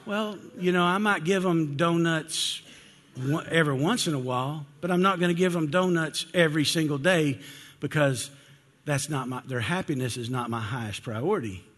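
An older man, a grandfather and pastor, preaching a sermon to his church in an animated way, voicing the people he quotes and calling for responses. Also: fairly high pitch, moderate pace. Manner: animated, acts out quoted voices, asks for responses. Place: church sanctuary. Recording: long hall reverb.

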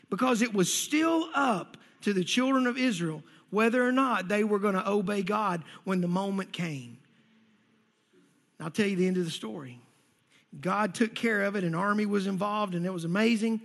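High-voiced preacher in a reverberant hall. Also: male voice. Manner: energetic, conversational preaching with playful acted asides. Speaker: pastor. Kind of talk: sermon.

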